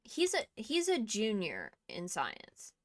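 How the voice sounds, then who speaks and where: A woman's voice: mid-range voice, huge pitch swings, slow, no echo. A young woman streaming a game, chatting casually with laughing asides and the odd swear. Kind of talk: casual gaming commentary.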